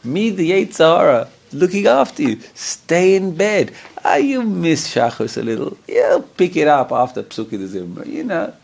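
A man's voice: on the high side, big pitch swings, moderate pace, creaky, hardly any pauses, darkish tone, breathy edge, voice pushed up, heavily acted. A man voicing a sly coaxing tempter. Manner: soothing, wheedling, falsely caring. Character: coaxing male evil inclination, sly tempter.

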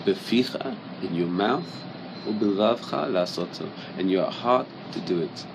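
A man's voice: fairly low pitch, lively intonation, a little slow, gravelly, background noise. A man teaching a Torah class in English, reciting Hebrew verses and asking many rhetorical questions.

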